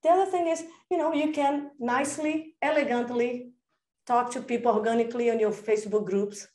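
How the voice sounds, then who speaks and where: Woman, high voice, energetic, enthusiastic, coach on a podcast, echoey room. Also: a little fast. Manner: energetic and enthusiastic, acts out little dialogues. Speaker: real estate coach, podcast guest. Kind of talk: casual interview talk.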